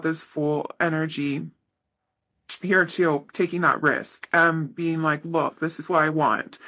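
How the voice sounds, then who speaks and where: A man's voice: high voice, sharp tone. A man giving a casual tarot reading, talking in a rambling, self-correcting way with lots of fillers. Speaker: tarot reader.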